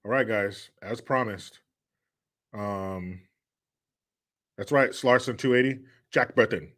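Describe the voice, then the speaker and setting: A man's voice: medium pitch, takes it slowly, pauses often, fairly bright tone. A man hosting a casual live show, reading viewer comments and riffing with crude jokes and profanity. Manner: crude, joking, drawling asides with profanity.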